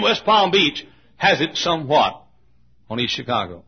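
Gravelly older pastor, coughing often. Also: male voice, fairly high pitch, big pitch swings, normal speed, long pauses. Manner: folksy, repeats words, coughs often. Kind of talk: sermon storytelling. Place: church auditorium. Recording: dull lo-fi recording.

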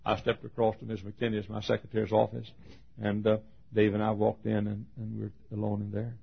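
An older man preaching a folksy, storytelling sermon, swinging between loud passages and hushed asides. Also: fairly low pitch, monotone, fairly quick, vocal fry, husky. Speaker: pastor. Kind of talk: sermon with acted quotes. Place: auditorium. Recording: dull lo-fi sermon recording.

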